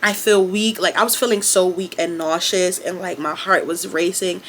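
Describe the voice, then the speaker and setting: A young woman telling a casual storytime, quick and profane, full of "like" and acted-out quotes. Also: lowish voice, fairly even intonation, fairly bright tone, slight background noise. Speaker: vlogger.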